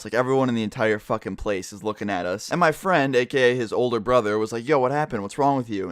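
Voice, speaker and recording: A man's voice: medium pitch, no room sound, clean studio sound. A young man telling a long story in a casual vlog, swearing a lot and filling his sentences with "like.". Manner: casual, heavy swearing, many "like" fillers. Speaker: vlogger.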